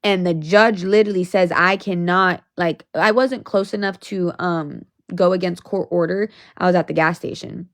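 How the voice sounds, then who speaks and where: A woman's voice: fairly low pitch, steady tone, moderate pace, hardly any pauses, no room sound, clean studio sound. A young woman telling a storytime on her vlog, blunt and profane, talking in a heated rant. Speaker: vlogger.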